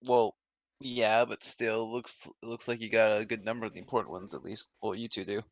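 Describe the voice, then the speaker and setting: A man's voice: lowish voice, flat delivery, normal speed, no room sound. A man chatting casually with friends while they voice a game, joking, swearing and laughing a lot. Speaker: streamer voicing a game.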